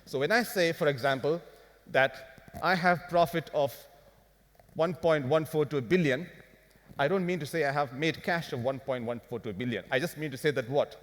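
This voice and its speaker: Animated male speaker in a reverberant hall. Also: on the high side, moderate pace. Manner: animated, rhetorical questions to the crowd. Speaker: business speaker. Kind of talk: live finance talk to an audience.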